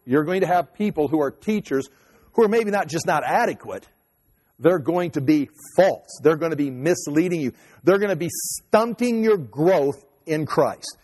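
A man's voice: on the high side, expressive, moderate pace, darkish tone, slightly rough, in a large hall. A man preaching a sermon as pastor, talking conversationally and joking at his own expense. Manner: conversational, self-mocking humor.

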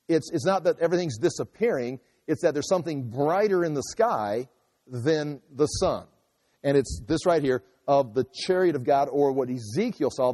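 A man's voice: a little high, darkish tone. A man giving a conversational verse-by-verse Bible teaching, explaining as he goes and acting out quotes. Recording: long hall reverb.

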